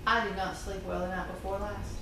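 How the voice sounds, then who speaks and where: A woman's voice: medium pitch, little pitch movement, fairly quick, gravelly. A middle-aged woman, chatting casually to her viewers in a folksy, talkative way as a soap-making channel host. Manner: chatty, folksy, laughs easily, with fillers. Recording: echoey room with background noise.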